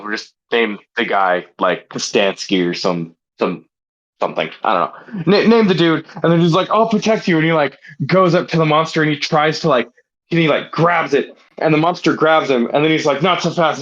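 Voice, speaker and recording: A man's voice: a little high, expressive, moderate pace, fairly bright tone, highs cut off. A man co-hosting a comedy podcast, telling a rambling story in casual chat with lots of filler words. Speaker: podcast co-host.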